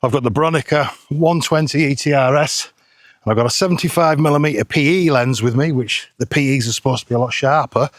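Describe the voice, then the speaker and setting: A man's voice: mid-range voice, fairly quick, no room sound, clean studio sound. A middle-aged man, chatting casually and joking at his own expense while vlogging outdoors on a hillside. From England. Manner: chatty, self-deprecating, jokey. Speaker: photography vlogger.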